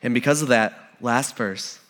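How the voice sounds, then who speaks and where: A man's voice: medium pitch, unhurried, a bit bright. A man giving an informal, conversational sermon with frequent restarts and acted-out quotes of the people in the story.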